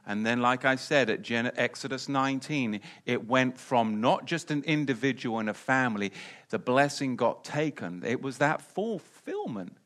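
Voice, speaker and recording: A man's voice: mid-range voice, animated, moderate pace, fairly bright tone. A man preaching a Bible lesson in an emphatic way, often repeating key phrases. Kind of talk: Bible teaching.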